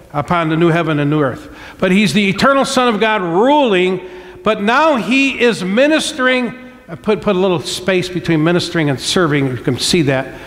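High-voiced preaching pastor in a reverberant church. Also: male voice, fairly bright tone. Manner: emphatic, stretches key words slowly, asks congregation for amens. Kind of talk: sermon. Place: church sanctuary. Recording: long hall reverb from church sanctuary.

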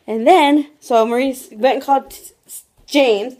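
Rambling young woman vlogger, slightly high voice. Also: normal speed, a little mellow, slight background noise. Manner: rambling storytelling full of "like" and restarts. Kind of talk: casual chatty vlog. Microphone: phone camera.

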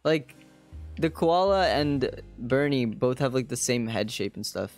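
A man's voice: mid-range voice, lively intonation, unhurried, soft background music. A young man streaming a game, giving laid-back, slangy casual commentary.

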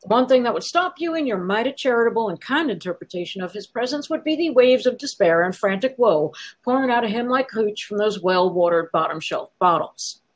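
A woman reads her own fiction aloud with a wry, sardonic edge. Her voice sits a little high, and she leans into the lines with lively expression. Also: a little fast, low-quality recording. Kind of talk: dramatic story reading.

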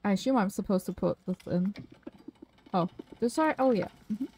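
A woman's voice: mid-range voice, normal speed, a little mellow, slightly rough, low-quality recording. A woman live-streaming a horror game, chatting with viewers, swearing freely and shrieking at scares.

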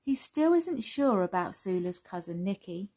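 A woman reading a children's story aloud, gentle and expressive. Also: medium pitch, normal speed, husky.

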